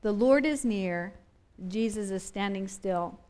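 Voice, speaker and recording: A woman's voice: medium pitch, slow pace, a little mellow, clean tone. A woman preaching a sermon, impassioned and repetitive, building up and easing back in intensity.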